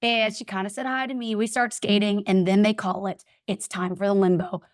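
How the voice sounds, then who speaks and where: A woman's voice: mid-range voice, a little fast, no echo, studio quality. A woman guest telling a personal story in a casual interview, acting out the voices of people in it. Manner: animated, acts out voices in her anecdotes. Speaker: podcast guest.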